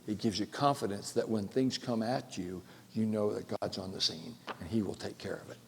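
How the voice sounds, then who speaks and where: Gravelly preacher man in a reverberant hall. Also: medium pitch. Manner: swings between loud exclaiming and near-whispered quiet lines; asks the audience rhetorical questions. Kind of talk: sermon.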